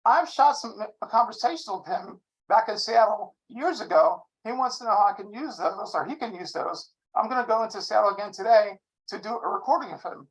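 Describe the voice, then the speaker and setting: A man's voice: high voice, animated, brisk, hardly any pauses, low-quality recording. A man in his sixties on a video call, chatting in a friendly, rambling way as a caller. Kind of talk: casual chat.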